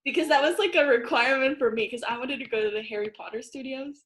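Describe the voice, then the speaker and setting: A woman's voice: high voice, fast, fairly bright tone. A young woman from Paraguay, a guest in a casual chat, chatty, filling her talk with little fillers and laughing often.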